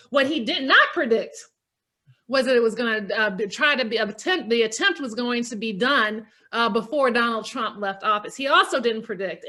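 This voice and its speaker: A middle-aged woman speaking as a guest, giving passionate, emphatic political remarks that rise to forceful peaks. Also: on the high side.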